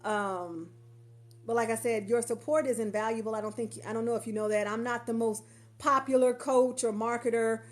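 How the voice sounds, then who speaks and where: Woman coach rambling on a live from her couch, kinda high voice, friendly chatty vibe. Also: fairly even intonation, normal speed. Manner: chatty, affectionate, rambling with repeats. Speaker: coach and marketer. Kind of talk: casual livestream chat. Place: at home on a couch.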